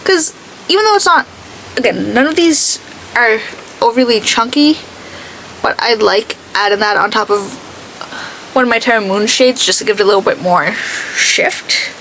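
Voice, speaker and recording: A woman's voice: a little high, expressive, moderate pace, pauses often, a bit bright, slight background noise, rough recording. A young woman chatting casually and sarcastically while doing her makeup on camera. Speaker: beauty vlogger.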